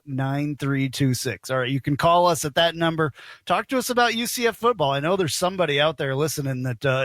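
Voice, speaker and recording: A man hosting a sports talk radio show from a studio, speaking briskly and upbeat as he reads sponsor spots and the call-in number. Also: on the high side, fairly bright tone, dry recording. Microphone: studio microphone.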